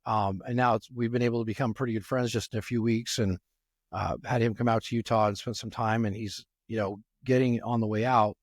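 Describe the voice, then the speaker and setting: A man's voice: medium pitch, fairly even intonation, brisk, dry recording, studio quality. A man hosting a podcast interview who speaks in a conversational, encouraging way. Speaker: podcast host.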